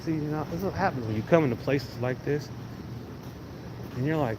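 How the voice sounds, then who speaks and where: A man's voice: a little high, fairly quick, pauses often. A man hosting a casual livestream, rambling in an easygoing way and talking to viewers as he walks through a large indoor venue on a phone mic. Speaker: livestream host. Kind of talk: casual walking livestream chat. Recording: noisy venue background.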